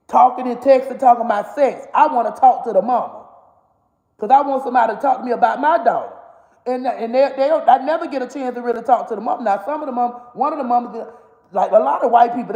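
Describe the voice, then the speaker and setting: A woman in her forties talks straight to the camera with blunt, profane candor. She cusses freely and breaks into laughter even while scolding. Her voice rings through a hard, echoey room that leaves a long reverb tail. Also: fairly high pitch. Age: 40s. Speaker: comedian and mother. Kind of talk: candid monologue to camera.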